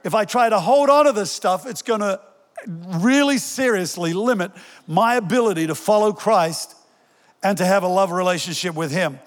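A man's voice: sits high, lively intonation, normal speed, long reverb tail. An older male pastor giving a sermon in a conversational way, joking with the congregation and telling stories. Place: church hall.

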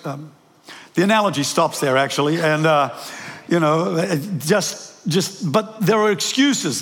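Older kiwi pastor preaching, fairly high voice, long echo off a big hall. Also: male voice, animated, measured pace, fairly bright tone. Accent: New Zealand. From New Zealand. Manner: anecdotal, self-deprecating, frequent restarts. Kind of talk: sermon. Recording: preached in a large reverberant hall.

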